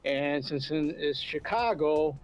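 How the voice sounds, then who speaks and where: A man talking as a guest on a live stream from a high-rise apartment, laid-back and easygoing. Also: slow pace, dull audio, faint music behind. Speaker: guest YouTube creator. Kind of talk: casual interview chat.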